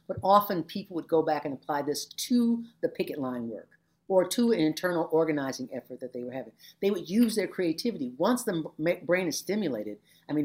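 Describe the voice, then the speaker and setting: An older woman looking back on her years as a labor educator in an interview, animated, acting out the voices of people in her stories. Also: deep voice. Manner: animated storyteller, acts out quoted voices. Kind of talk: reflective oral-history interview.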